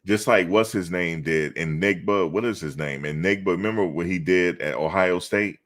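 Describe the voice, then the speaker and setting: A middle-aged man with a deep, low voice hosts a loose sports talk stream at normal speed, reading chat. He banters with viewers in animated slang and keeps hammering the same point.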